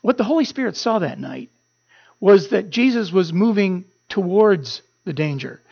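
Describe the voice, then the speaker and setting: A pastor preaching a sermon, earnest and building to animated emphasis. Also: male voice, high-pitched, moderate pace, vocal fry, breathy edge. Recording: muffled lo-fi sermon recording.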